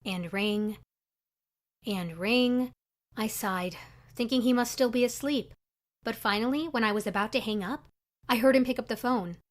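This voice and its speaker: A young woman narrating her own story in a chatty, confessional, scripted style for an animated video. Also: a little high, fairly quick.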